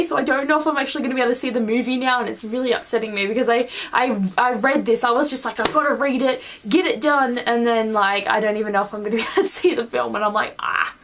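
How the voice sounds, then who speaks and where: A woman's voice: on the high side, fairly even intonation, fast talker, a bit bright, distant mic, slight background noise. A young woman vlogging her monthly reading wrap-up in a rambling, gushing way, full of "like". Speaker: book vlogger. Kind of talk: casual monthly book wrap-up.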